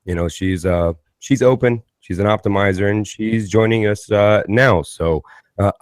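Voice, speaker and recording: A man's voice: on the low side, moderate pace, no echo, studio quality. A man hosting a podcast, chatting in a rambling, self-mocking, caffeinated way. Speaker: podcast host. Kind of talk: casual podcast intro and chat.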